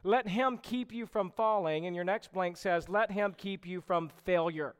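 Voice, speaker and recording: A man preaching a sermon as pastor, emphatic and slowing down to stress key phrases. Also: high-pitched, clear, resonant tone. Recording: reverberant hall.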